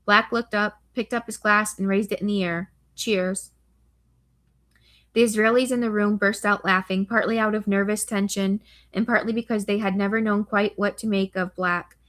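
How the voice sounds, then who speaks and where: A woman's voice: mid-range voice, fairly even intonation, fairly quick, a bit bright. A woman narrating a thriller novel as an audiobook, reading steadily with occasional slips and restarts.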